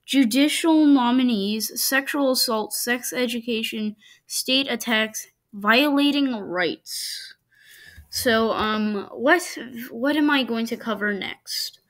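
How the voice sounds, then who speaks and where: A woman commenting on clips in a casual, argumentative way. She speaks slowly and a little high, often stopping and starting over mid-sentence. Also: a bit bright. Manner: halting, argumentative, many restarts. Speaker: video commentator.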